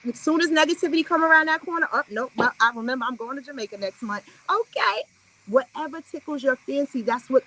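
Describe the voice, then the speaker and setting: A woman's voice: high voice, fairly bright tone, husky, poor audio. A woman hosting a live affirmation stream, giving an upbeat, preachy motivational talk and chatting with her viewers.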